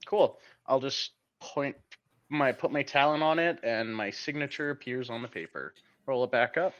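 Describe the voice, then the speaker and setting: A man playing a tabletop role-playing game, describing his character's moves in a halting way. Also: medium pitch, animated, fairly bright tone, lo-fi sound. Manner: halting, restarts a lot, laughs often. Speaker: player.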